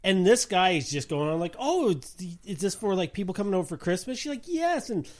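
High-voiced man telling a story, swearing freely. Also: quick pace. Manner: animated storyteller, swears a lot, acts out quotes. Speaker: podcast co-host. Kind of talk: casual chat.

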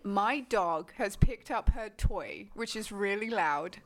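A woman's voice: medium pitch, animated. An English woman hosting a film podcast in a casual, rambling chat, laughing often. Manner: giggly, rambling, quick to laugh. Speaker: podcast host.

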